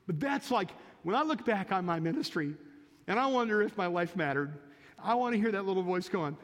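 A man's voice: high-pitched, lively intonation, brisk, a bit bright. Folksy preaching man in reverberant church. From United States. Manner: folksy storytelling, rising to emphatic preaching. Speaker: pastor. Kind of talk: sermon. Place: church sanctuary.

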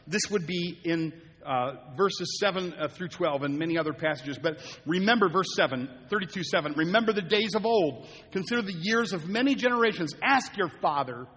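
In a church sanctuary, an older pastor and grandfather delivers a sermon in a high, animated voice at a moderate pace, fairly bright with a breathy edge and a long reverb tail. His talk moves from folksy stories to fervent calls to the congregation, conversational at first and then building to fervent exhortation.

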